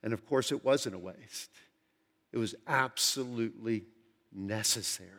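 Preaching man in a reverberant church. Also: fairly high pitch. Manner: earnest preaching, slows down to stress key phrases; conversational asides with the congregation. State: parched, dry throat. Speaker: pastor. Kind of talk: sermon. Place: large church sanctuary. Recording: long hall reverb from a large church.

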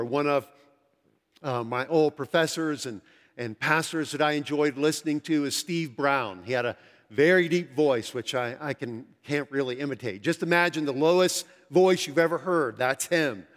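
Preaching man in a reverberant church. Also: mid-range voice. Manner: earnest preaching, slows down to stress key phrases; conversational asides with the congregation. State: parched, dry throat. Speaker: pastor. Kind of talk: sermon. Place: large church sanctuary. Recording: long hall reverb from a large church.

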